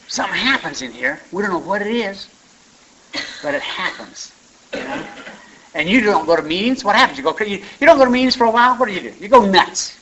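Man sharing at a recovery meeting, forceful voice, somewhat high, muffled lo-fi recording. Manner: conversational storytelling, folksy asides. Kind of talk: personal share talk. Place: meeting room.

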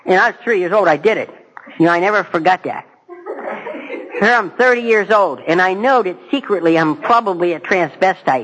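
A middle-aged man gives a personal testimony at a recovery meeting, talking straight to the audience and asking them questions. His voice is high-pitched, animated and a little fast, and the recording is very noisy. His tone is conversational and self-mocking.

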